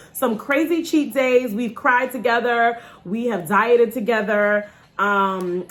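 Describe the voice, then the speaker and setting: A woman in her thirties, from New York, talking casually to camera in a vlog, nervous and joking before a dental procedure. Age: 30s. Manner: chatty and joking, lively swings in pitch. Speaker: vlogger.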